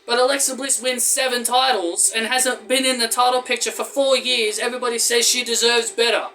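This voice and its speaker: A man's voice: very high voice, level tone, a little fast, hardly any pauses, bright, forceful tone. A man giving a blunt, ranting opinion review of a wrestling show. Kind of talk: opinionated commentary vlog.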